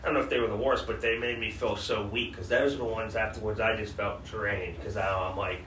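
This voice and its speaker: A brisk male co-host with a low-leaning, slightly bright voice and fairly even intonation earnestly shares hard memories in podcast conversation, frequently restarting. His distant mic gives a roomy sound with faint background noise.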